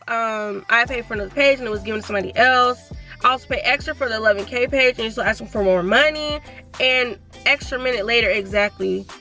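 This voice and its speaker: High, bright-voiced young woman telling a story. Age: 20s. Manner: animated, reads messages aloud, talks fast. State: sore throat. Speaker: vlogger. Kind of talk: casual storytime.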